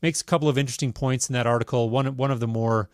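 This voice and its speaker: A man hosting a tech podcast, reading a news item and then chatting about it in a measured, casual way. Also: medium pitch, steady tone, clean tone, no room sound, studio quality. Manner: measured, reads news items then riffs. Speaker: podcast host.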